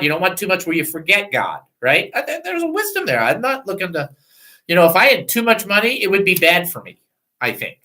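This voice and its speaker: A man's voice: high-pitched, bright, forceful tone, poor audio. A man hosting a radio show, teaching from the Bible in a candid, self-deprecating, chatty way.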